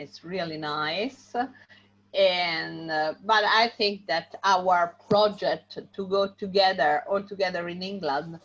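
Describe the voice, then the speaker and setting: A woman teaching an English class online, talking slowly with many pauses and fillers. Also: medium pitch, a bit bright. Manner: slow, hesitant, many fillers. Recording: dull lo-fi audio.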